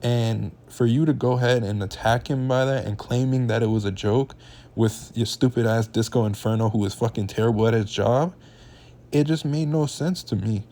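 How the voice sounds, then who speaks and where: A man's voice: medium pitch, moderate pace, dark tone. A young man hosting a reaction channel, ranting in heated, slangy casual commentary.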